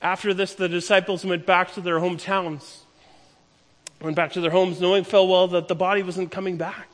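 A man preaching a sermon, retelling a story with emphatic, slowing delivery. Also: high voice, flat delivery. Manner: storytelling, emphatic, slows down for key lines. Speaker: pastor. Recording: long hall reverb.

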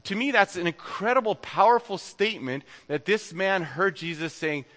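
A pastor with a nasal, high-pitched, fairly bright voice preaches an earnest, conversational sermon at normal speed, then leads a spoken prayer. He's in a church sanctuary, and the recording carries the long reverb of a church hall.

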